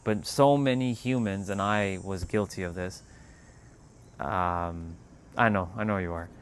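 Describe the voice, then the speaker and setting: A man hosting a casual spiritual livestream, talking in a calm, unhurried way that turns loose and profane at times. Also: deep voice, slight background noise. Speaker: livestream host.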